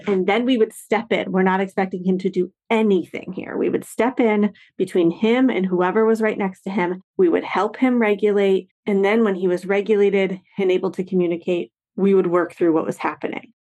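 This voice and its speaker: A woman's voice: mid-range voice, fairly even intonation, moderate pace, hardly any pauses, a little mellow. A woman, a parenting educator and author, explaining ideas earnestly in a conversational interview and acting out example quotes as she goes.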